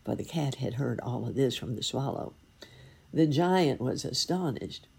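A woman narrating a fairy tale in an expressive, lively storytelling manner. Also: a bass voice, measured pace, creaky, slightly rough.

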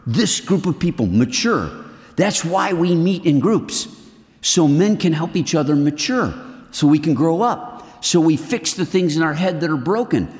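A middle-aged man preaching to a group of men in a lively, earnest way, swinging between loud and hushed. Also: a little high, measured pace, long reverb tail. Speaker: men's ministry speaker. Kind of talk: sermon.

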